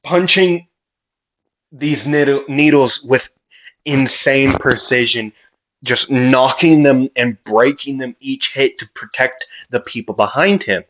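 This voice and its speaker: A man's voice: mid-range voice, measured pace, fairly bright tone, dull audio. A man improvising a fan story aloud, rambling with many fillers and restarts.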